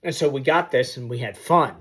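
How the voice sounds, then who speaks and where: A man's voice: medium pitch, brisk, fairly bright tone, breathy edge. A man telling a personal story to the camera in a vivid, sound-effect-filled storytelling manner, aiming to inspire. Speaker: motivational storyteller. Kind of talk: personal anecdote told to camera.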